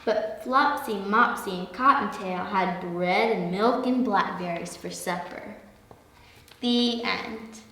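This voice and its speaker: A woman reading a children's story aloud, slow and expressive. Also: medium pitch. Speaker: story reader. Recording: echoey hall, far from mic.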